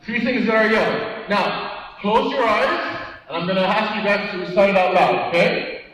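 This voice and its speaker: This is a high-voiced man talking at normal speed with a fairly bright tone. He's a motivational speaker at a big conference hall, drawing the audience in with questions, repeated "right?" tags, and anecdotes acted out in quoted speech. The audio is distant, echoey, and muffled.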